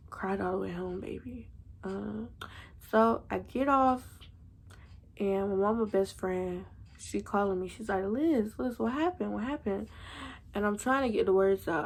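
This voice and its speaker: A woman's voice: mid-range voice, creaky. A young woman, telling a storytime vlog to her viewers in a slangy, chatty way. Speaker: vlogger.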